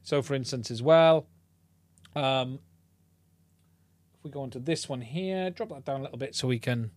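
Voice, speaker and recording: A man's voice: mid-range voice, moderate pace, slight background noise. A man hosting a casual live-stream podcast, chatting in a rambling way with lots of fillers and restarts. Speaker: podcast host. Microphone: podcast mic into a mixing console.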